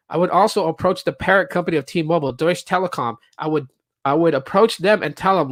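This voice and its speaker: A man talks fast in a fairly bright, higher voice while hosting a casual solo podcast. His storytelling wanders, crowded with fillers and restarts, as he dramatizes the words of customers and reps. It's a dry, studio-quality recording.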